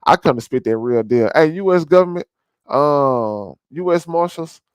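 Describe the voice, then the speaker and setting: A man's voice: a little high, animated, normal speed, slight background noise, poor audio. A man hosting a vlog, ranting and preaching over a clip and calling his listeners family. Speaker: vlog host. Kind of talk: ranting commentary over a played video.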